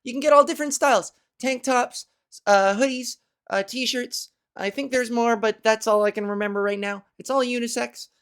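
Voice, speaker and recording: A woman hosting a casual solo podcast, rambling and self-mocking, laughing at her own jokes while working on a softer voice. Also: a little high, normal speed. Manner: practicing a softer voice with resonance and inflection. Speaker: podcast host. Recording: fan blowing near the microphone.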